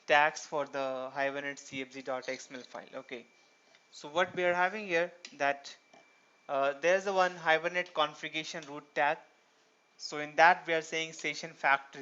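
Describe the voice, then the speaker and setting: A man's voice: on the high side, bright, forceful tone, smooth. A man teaching a programming tutorial, explaining step by step and asking himself rhetorical questions. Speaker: programming instructor. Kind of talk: screen-recorded tutorial lecture. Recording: dull lo-fi recording.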